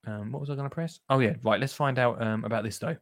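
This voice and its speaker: A man's voice: mid-range voice, quick pace, very noisy. A man hosting a gardening show, chatting casually and jokily with listeners. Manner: chatty and jokey, with asides to listeners. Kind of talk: casual radio-style show chat.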